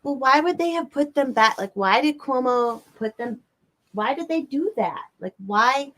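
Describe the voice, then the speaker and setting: Lively, blunt, swearing woman. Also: high voice, measured pace. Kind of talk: casual podcast chat.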